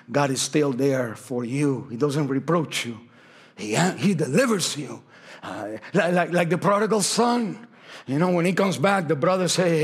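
Man, pastor, sermon, high voice, impassioned then hushed, church. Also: breathy edge. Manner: impassioned preaching, swinging from shouts down to hushed, near-whispered lines; slips into Spanish phrases. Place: church sanctuary.

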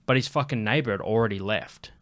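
A man's voice: lowish voice, fast talker. A young man telling a loose, profanity-heavy story as a podcast host in casual chat. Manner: loose, swearing, animated storyteller.

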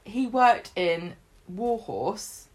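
A woman's voice: mid-range voice, lively intonation, very slow, darkish tone. Chatty woman, enthusiastic. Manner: chatty, enthusiastic, many fillers and restarts. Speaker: podcast co-host. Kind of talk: casual chat about a soap opera.

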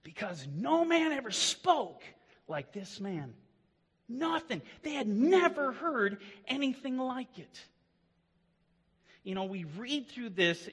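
A man preaching a sermon with earnest emphasis, rising to loud declarations and dropping to low, quiet lines. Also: long reverb tail.

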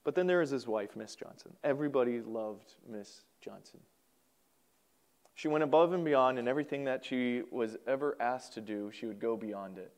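A male pastor preaching a sermon, telling a folksy story in an animated way. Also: mid-range voice, moderate pace. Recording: podcast recording.

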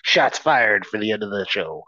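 Low-voiced man joking with crude teasing. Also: lively intonation, normal speed, bright, forceful tone, dry recording, muffled recording. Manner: joking, profane, teasing affection. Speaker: podcast co-host. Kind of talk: casual chat.

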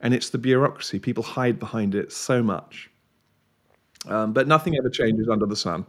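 A man's voice: lowish voice, normal speed. A man co-hosting a podcast, talking in a reflective, rambling way with restarts and chuckles. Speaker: podcast co-host. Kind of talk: casual podcast chat.

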